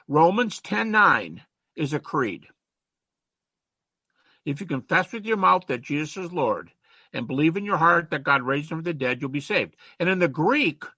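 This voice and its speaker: A man's voice: fairly high pitch, pushed and bright, breathy edge, dry recording. A man giving a conversational classroom lecture to students, reciting rhymes and verses as he goes.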